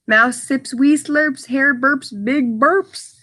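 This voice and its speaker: Lady reading a kids book out loud, slow and lilting, explains the hard words as she goes. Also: high voice. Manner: stops to explain words in simple terms; expressive, with sound effects and asides. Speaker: storyteller reading to children. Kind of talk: children's picture book read-aloud.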